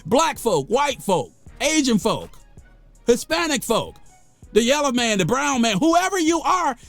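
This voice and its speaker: A man's voice: very high voice, unhurried, no echo, faint music behind. An American man giving an impassioned, preachy monologue to the camera, repeating phrases for emphasis and getting worked up. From United States. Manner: gets worked up, then calms himself. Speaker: vlogger.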